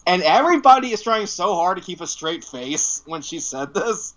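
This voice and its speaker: A man from New York, co-hosting a casual chat and telling stories in an animated way, laughing often. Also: sits high, brisk, few pauses. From New York, USA. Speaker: co-host. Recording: dull lo-fi sound.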